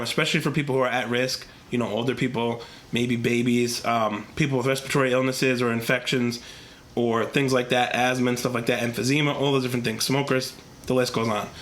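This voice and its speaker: Young male vlogger, congested from a cold, bright edge to the voice, earnest and rambling. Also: mid-range voice. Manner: earnest, rambling with many fillers. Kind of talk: casual talk to camera. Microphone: camera mic, talking to camera.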